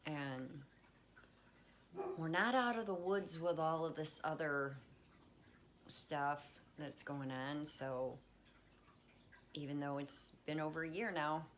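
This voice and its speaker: Host, woman, low voice, casual reassuring wellness chat, home setup, slight background noise. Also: takes it slowly, pauses often, a bit bright. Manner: chatty, reassuring, talks baby talk to her cat. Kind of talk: casual livestream talk. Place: at home with pets.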